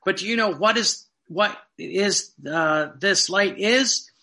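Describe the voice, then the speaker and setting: A man preaching a fervent sermon, with emphatic repetition and slow, stressed phrases. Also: sits high, sharp tone.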